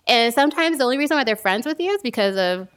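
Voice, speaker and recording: A woman casually telling a story to a friend on a podcast, animated and laughing often. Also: a little high, quick pace, clear, resonant tone.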